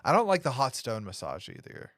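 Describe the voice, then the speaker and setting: A man's voice: medium pitch, a little fast, no room sound, studio quality. A man co-hosting a movie podcast in casual, jokey chat. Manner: animated, jokey. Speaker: podcast co-host.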